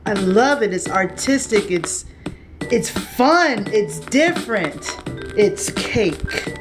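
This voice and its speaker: A woman's voice: medium pitch, very animated, takes it slowly, over music. A young woman in her studio apartment unboxing packages in a casual vlog, playful and slangy, sometimes breaking into song. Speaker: vlogger.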